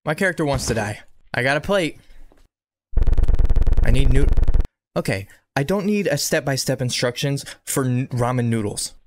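Excitable man narrating a horror game. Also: mid-range voice, moderate pace, pauses often. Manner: excitable, talks back to the game, repeats himself. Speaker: gaming video creator. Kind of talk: horror game playthrough commentary. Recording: noticeable background noise.

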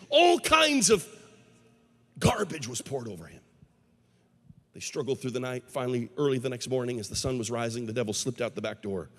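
Animated male evangelist in a hall. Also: mid-range voice. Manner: dramatic, rhetorical questions to the crowd. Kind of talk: storytelling sermon. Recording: long hall reverb.

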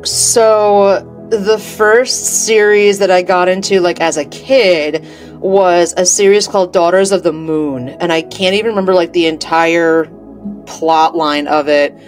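A woman's voice: fairly low pitch, fairly even intonation, measured pace, soft background music. A woman from New Jersey, an actor, guesting on a podcast, laughing easily and speaking expressively. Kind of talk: casual podcast chat.

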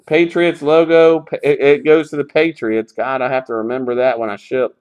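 A man's voice: mid-range voice, level tone, moderate pace, a little mellow, clean tone, lo-fi sound. A man hosting a live sports card break, calling out pulls in a sarcastic, grumbling, profane way.

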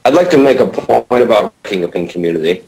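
A man's voice: fairly low pitch, animated, quick pace, darkish tone. A man on a podcast panel making his points firmly and assertively. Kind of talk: casual chat. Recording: roomy sound.

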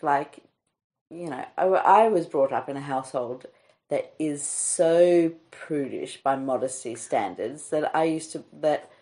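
Low-voiced Australian woman. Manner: storytelling, animated quotes. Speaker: podcast host. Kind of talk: casual chat.

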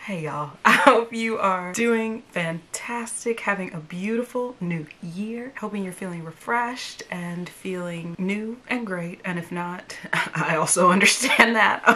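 A woman's voice: mid-range voice, takes it slowly, few pauses, pushed and bright, slight background noise. A young woman with a Southern accent, chatting casually as a movie reaction host and laughing often. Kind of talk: casual reaction vlog chat.

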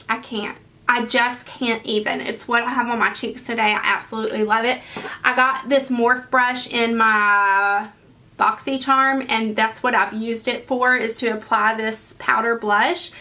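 A woman's voice: on the high side, bright, forceful tone. A young woman, chatting casually and gushing about makeup in a favorites video. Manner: gushing, enthusiastic. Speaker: beauty vlogger.

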